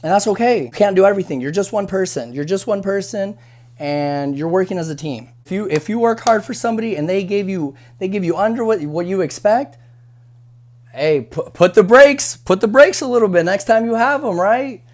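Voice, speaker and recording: A man's voice: high voice, animated, fairly quick, darkish tone. A young man working as a restaurant busser, giving frank, conversational advice to camera with many fillers and restarts. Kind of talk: casual advice monologue.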